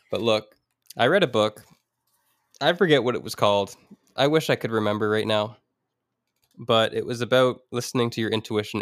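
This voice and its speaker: A man's voice: lowish voice, dry recording, studio quality. Earnest man hosting a solo podcast. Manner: earnest, reflective, jokey asides. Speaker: podcast host. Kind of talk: solo motivational podcast talk.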